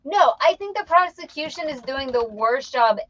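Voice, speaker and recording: A woman's voice: sits high, animated, normal speed, fairly bright tone, dull audio. A woman co-hosting a reseller channel, chatting and joking casually while working.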